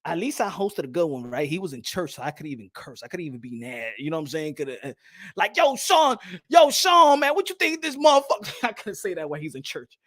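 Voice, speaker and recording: Podcast host guy, talks animated and laughs a lot, voice swings all over. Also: fairly high pitch, quick pace, breathy edge, no echo, studio quality. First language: Spanish. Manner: animated, laughing, switches into Spanish. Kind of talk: casual chat.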